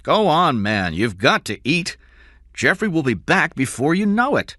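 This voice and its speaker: Guy reading, as a rich dad, brisk and sharp, bright voice. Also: on the high side, big pitch swings, dry recording, studio quality, pitched above the performer's own voice, full character voice. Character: wealthy, sharp-tongued middle-aged father.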